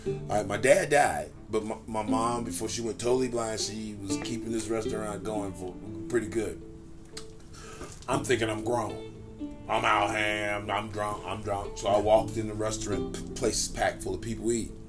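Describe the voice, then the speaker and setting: A man co-hosting a casual chat, telling a comic story in an animated, profane way. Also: fairly low pitch, moderate pace, over music. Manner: animated, profane, acts out voices. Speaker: channel co-host.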